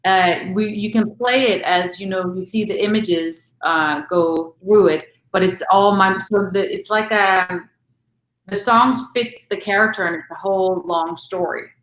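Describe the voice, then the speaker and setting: A woman talks casually as an interview guest, chatty and full of fillers and quick laughs. Her voice sits at an ordinary pitch. The room around her rings with echo. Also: fairly bright tone. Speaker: guest actress and recording artist.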